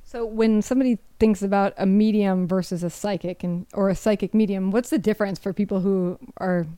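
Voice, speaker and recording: Host: woman, smooth mellow voice, dry close sound, curious casual interviewer. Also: medium pitch, steady tone, fairly quick, dry recording.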